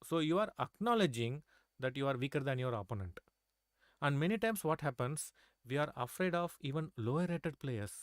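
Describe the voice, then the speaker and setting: In a clean studio recording with no room sound, a man coaches a live chess class at a moderate pace. His fairly high voice has lively intonation, and he draws students in with rhetorical questions, constantly checking "right?" and "okay?"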